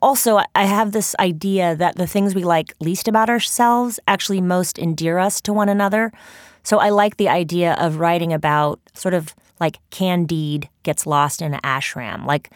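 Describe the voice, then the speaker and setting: A woman's voice: on the low side, dry recording, studio quality. A woman author talking casually about her book in a playful, rambling, self-deprecating way. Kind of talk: casual spoken reflection.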